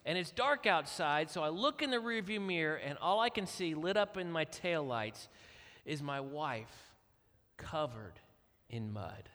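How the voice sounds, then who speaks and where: A middle-aged man telling a family story from the pulpit as a guest speaker, acting out the quotes in an animated way. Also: fairly high pitch, a little slow. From Kentucky. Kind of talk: storytelling sermon. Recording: long hall reverb.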